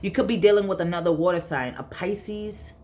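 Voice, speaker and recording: A woman's voice: lowish voice, fairly quick, darkish tone. A woman giving a casual tarot reading, emphatic and blunt, repeating her points and swearing freely. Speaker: tarot reader.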